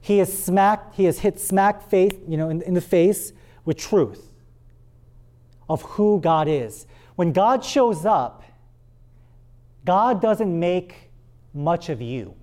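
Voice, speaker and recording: A man preaching a sermon and reading scripture aloud, with dramatic pauses and words repeated for emphasis. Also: high-pitched, animated, a little mellow. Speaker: pastor.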